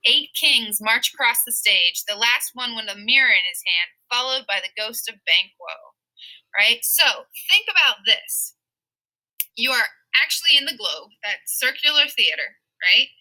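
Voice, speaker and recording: A woman's voice: fairly high pitch, a little slow, low-quality recording. A woman teaching a literature lesson in a casual, playful way, acting out lines in silly voices. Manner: lively, playful, acts out quotes in silly voices.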